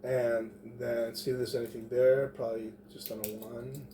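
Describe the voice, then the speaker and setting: A man's voice: medium pitch, level tone, normal speed, warm tone, slight background noise. A man playing a tabletop game, thinking aloud as he plans his moves. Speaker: player.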